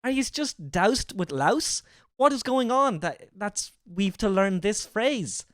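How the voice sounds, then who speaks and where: A man's voice: sits high, very animated, slow pace, a bit bright, no echo, clean studio sound. A man streaming a reaction to a video, riffing with incredulous, swearing commentary.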